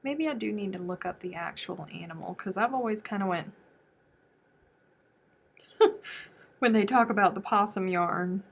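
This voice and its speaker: A woman's voice: medium pitch, normal speed, creaky, pauses often. A woman from the United States hosting a crochet livestream, chatting casually and thinking aloud as she answers viewer comments. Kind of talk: casual livestream chat while crafting.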